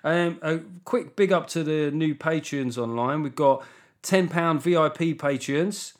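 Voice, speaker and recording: A man's voice: fairly high pitch, measured pace. A middle-aged man with a Southern English accent, hosting a solo comedy podcast, riffing loosely and swearing freely. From England. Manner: swears freely, riffs with mock voices. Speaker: podcast host.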